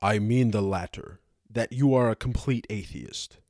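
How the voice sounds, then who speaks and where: A man's voice: on the low side, measured pace, darkish tone, dry recording, clean studio sound. A man reading the part of a young male accuser who gives curt, stubborn answers in a dramatized audiobook.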